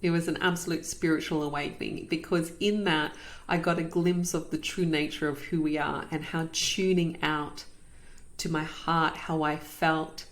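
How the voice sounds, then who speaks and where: This is a woman in her thirties hosting a podcast and sharing a personal story. Her voice sits slightly low, and she speaks earnestly and reflectively, often repeating words for emphasis.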